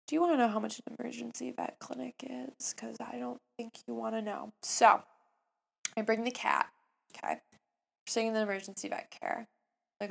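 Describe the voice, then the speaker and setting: A woman in her twenties telling a long personal story in a chatty, animated, self-mocking way. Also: fairly high pitch, normal speed, vocal fry. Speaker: vlogger. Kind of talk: casual storytelling.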